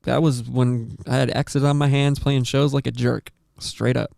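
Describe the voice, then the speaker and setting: A man hosting a podcast, telling a story in a rambling, animated way with lots of swearing and acted-out quotes. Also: medium pitch, unhurried, gravelly, dry recording, studio quality. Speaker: podcast host. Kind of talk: casual storytelling chat.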